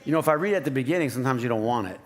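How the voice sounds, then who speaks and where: A man's voice: medium pitch, animated, very fast, slight background noise. A man preaching a sermon to his congregation in a conversational, playful way, often asking the room questions. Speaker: pastor. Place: church sanctuary.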